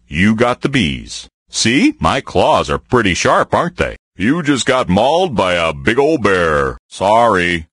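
A man voicing a friendly, folksy male bear card player in game voice clips, joking and breaking into high excited yelps. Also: breathy edge, no echo, exaggerated voice. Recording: dry close studio voice.

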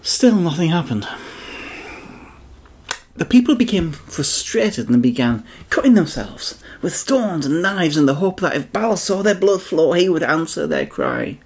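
A man's voice: a little high, wildly swooping pitch, a little slow, slightly rough. A man narrating a Bible story for children, speaking expressively and addressing the kids directly.

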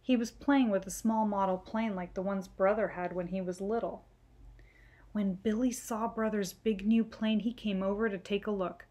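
A woman reading a children's book aloud, gentle and clear. Her storytelling is calm and even-paced. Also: medium pitch, normal speed. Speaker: storytime reader.

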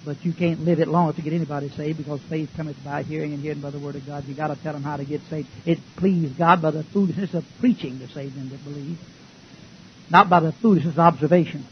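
The pastor's voice is a little high and steady in tone, and he talks fast. His sermon is folksy and emphatic, full of rhetorical questions aimed at his congregation, captured in a dull lo-fi recording with faint hiss.

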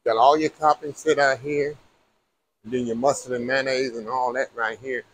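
A man's voice: medium pitch, steady tone, normal speed, a little hiss or hum, rough recording. A middle-aged man, chatting casually to viewers as he walks around a cruise ship with a handheld camera. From Texas. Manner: chatty, addresses viewers as y'all. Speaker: food vlogger. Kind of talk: casual vlog narration. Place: aboard a cruise ship, walking the decks.

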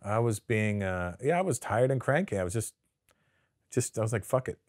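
A man's voice: lowish voice, moderate pace, dry recording, clean studio sound. A comedian from Canada telling stories in a casual sit-down interview, swearing freely and acting out the people he quotes. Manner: profane, animated storyteller who acts out quotes. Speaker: guest comedian.

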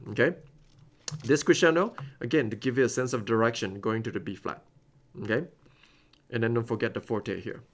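A man teaching clarinet in a masterclass, explaining phrasing step by step and singing passages on scat syllables. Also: medium pitch. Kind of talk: recorded masterclass instruction.

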